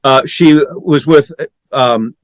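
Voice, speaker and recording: A man's voice: mid-range voice, takes it slowly, no echo, studio quality. A middle-aged man hosting a podcast in casual, teasing chat. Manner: chatty, teasing. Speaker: podcast host.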